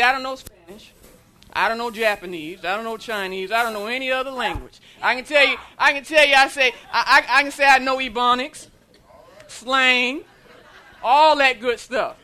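A woman preaching a sermon in a church, leading the congregation in call-and-response and building to shouts. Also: fairly high pitch. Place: church sanctuary.

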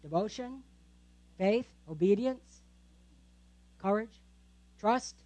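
A woman's voice: medium pitch, lively intonation, slow pace, warm tone. A woman pastor giving a conversational sermon, often checking in with the congregation with tag questions.

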